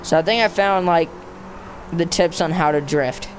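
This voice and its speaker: With a fairly high voice and moderate pace, a young man provides casual let's-play commentary on a racing game he's playing. He chats with the game and himself in slang like "dude" and "bro," gets frustrated, and erupts into yelling. Slight background noise is audible.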